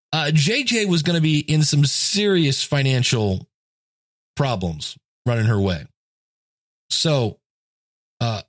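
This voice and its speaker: A man in his fifties delivers a casual motivational monologue, spinning stories and performing the voices of the people he quotes. His pitch is fairly high, and the studio-quality recording has no room sound.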